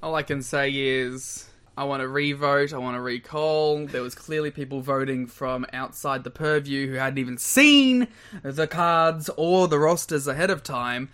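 Bright-voiced, mock-indignant male co-host. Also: medium pitch, moderate pace, clean tone. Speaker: podcast co-host. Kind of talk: casual chat.

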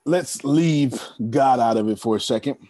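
A man's voice: mid-range voice, normal speed, dark tone, no room sound, studio quality. A young man giving a motivational storytelling talk, preachy and emphatic, speaking straight to his listeners. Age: young adult. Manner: preachy, addresses the audience directly, emphatic. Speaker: motivational speaker leading a members' meeting.

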